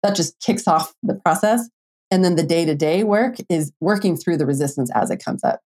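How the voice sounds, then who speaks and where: A young adult woman talking on her own podcast as a dating coach. Her voice sits a little low, and she speaks in a relaxed, chatty way full of filler words and now and then a curse. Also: moderate pace, husky. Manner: casual, chatty, lots of "like", mild swearing, playful quoted inner voices. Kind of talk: solo podcast monologue.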